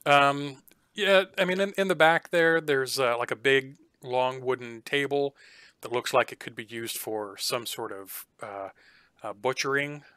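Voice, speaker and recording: A man acting as game master for a tabletop game describes each room in halting narration full of fillers. His mid-range voice is smooth, bright, and forceful, recorded close and dry with no echo or room sound.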